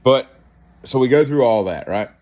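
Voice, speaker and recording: A man's voice: mid-range voice, normal speed. A man, hosting a daily show, telling a rambling, self-deprecating story with dry asides. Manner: animated, self-deprecating, acts out gestures and inner thoughts.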